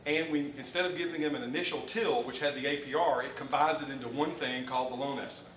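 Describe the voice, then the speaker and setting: A man in his fifties from Alabama with a Southern American accent, a mortgage lender giving a folksy, animated training talk to a live audience. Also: medium pitch, fast, a little hiss or hum. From Alabama, USA. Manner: folksy, animated storyteller, laughing often. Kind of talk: live training presentation with anecdote. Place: conference room with live audience. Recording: roomy hall, distant mic, ambience.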